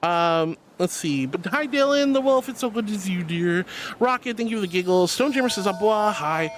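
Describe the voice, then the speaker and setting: A man's voice: high voice, expressive, a little fast. A man streaming live, chatting casually and reading out chat messages, gushing and affectionate toward viewers. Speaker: VTuber streamer. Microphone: computer mic for a VR stream.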